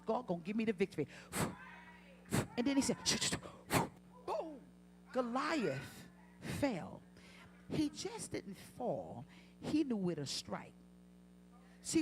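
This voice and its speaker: A woman preaching a sermon in a church, swinging from quiet to loud, passionate peaks, with humorous asides. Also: medium pitch. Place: church sanctuary.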